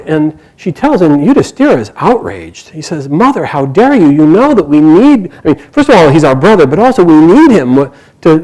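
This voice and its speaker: A man telling a myth aloud to a live group, animated and chuckling along with the story. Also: on the high side, low-quality recording.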